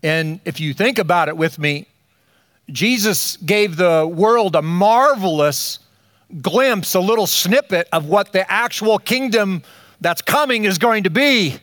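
An older man preaching a sermon, slow and emphatic, with dramatic pauses between phrases. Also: high voice, lively intonation, fairly bright tone, no room sound, studio quality. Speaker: pastor.

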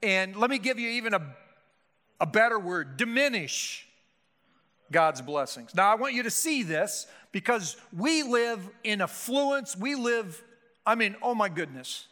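A man's voice: sits high, big pitch swings, measured pace, sharp tone. A male pastor preaching a sermon with emphatic, rhetorical delivery and frequent restarts. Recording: hall reverb.

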